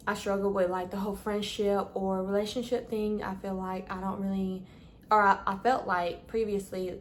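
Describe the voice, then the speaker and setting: A woman's voice: mid-range voice, darkish tone, a little hiss or hum. Woman vlogger, chatty and casual, trips over long words. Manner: chatty, calls listeners "babes", stumbles over words. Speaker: lifestyle vlogger. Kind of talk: casual advice vlog.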